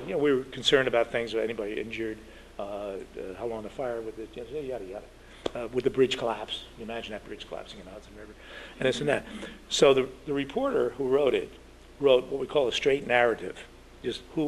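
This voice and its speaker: Veteran older male journalist, loose anecdotal storyteller, mid-range voice, light hiss behind. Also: medium pitch. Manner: rambling, with many fillers and restarts. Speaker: veteran journalist giving a history talk.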